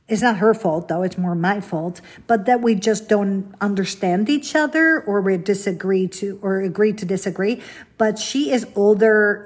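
Husky-voiced woman chatting on a podcast. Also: medium pitch, darkish tone. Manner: chatty and confiding, asks the listener questions. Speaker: podcast host. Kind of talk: casual solo podcast chat.

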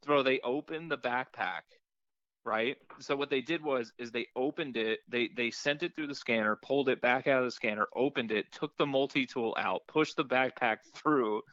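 A man co-hosting a podcast, telling an animated story in casual chat, swearing often and acting out the people he met. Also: mid-range voice, normal speed, no echo, highs cut off. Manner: animated storyteller, swears a lot, acts out voices. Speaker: podcast co-host.

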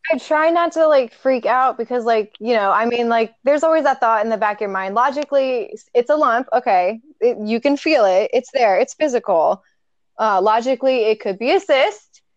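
A young woman chatting on a podcast with a voice pitched a touch high. She talks candidly, swears without a second thought and breaks into laughter often. The recording is close and dry. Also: normal speed, no room sound, muffled recording. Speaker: podcast co-host. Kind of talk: casual chat.

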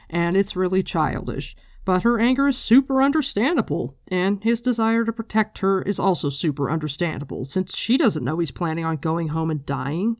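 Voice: mid-range voice, dry recording, studio quality. A host casually recapping a book with blunt, profane chat, mixed with reading passages aloud.

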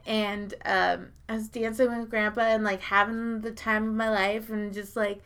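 A woman in casual chat, telling a long story full of fillers and swearing and jumping into high, loud voices when she quotes people. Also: little pitch movement, normal speed, clean tone. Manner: rambling, profane, heavy filler words.

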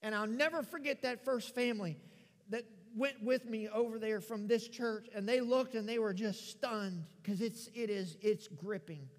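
Man, pastor, middle-aged, American, sermon storytelling, very high voice, big echoing church hall, loud-to-hushed delivery. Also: normal speed. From United States. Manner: animated storyteller, acts out dialogue, swings from loud to hushed. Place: church sanctuary. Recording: long reverb of a large church hall.

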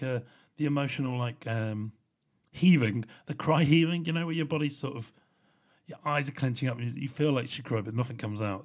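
Casual male vlogger, young adult, rambling animated storyteller who swears a lot. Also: mid-range voice.

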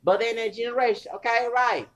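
A woman hosting a casual ranting podcast, animated, laughing often and breaking into song snippets. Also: on the high side, a little fast. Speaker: podcast host.

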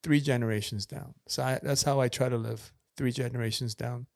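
A man's voice: mid-range voice, fairly even intonation, brisk, gravelly, no room sound, studio quality. A man in a casual podcast chat, talking earnestly and repeating his key points like a preacher.

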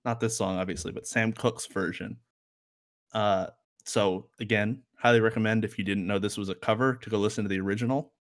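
A man with a fairly low voice talks through songs in a relaxed, rambling way. He leans on fillers and throws in wry asides, like a co-host in a casual music chat. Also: fairly quick.

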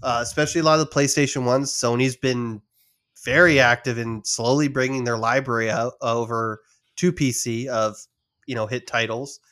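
A man with a mid-range, slightly bright voice hosts a casual gaming podcast, speaking at normal speed with fairly even intonation. Chatting about game news, he rambles and reads out a list of rumored titles, restarting frequently.

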